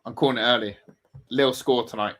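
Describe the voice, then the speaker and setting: A man's voice: mid-range voice, fairly even intonation, a little fast, a bit bright. A man hosting a live football watch-along, ranting and swearing in exasperation at his team. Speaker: fan channel host.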